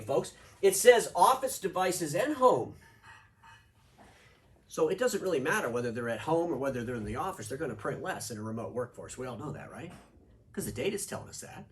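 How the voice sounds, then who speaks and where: Animated, sarcastic man hosting commentary. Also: medium pitch, distant mic. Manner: sarcastic, animated, reads quotes aloud with mock emphasis. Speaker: show host. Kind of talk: opinionated video commentary.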